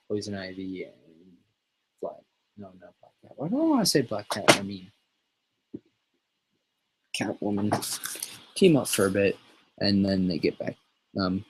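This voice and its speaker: A man's voice: on the low side, slight background noise, low-quality recording. A man hosting a casual show, rambling and swearing freely as he chats. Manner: profane, rambling, laughs often. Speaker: show host.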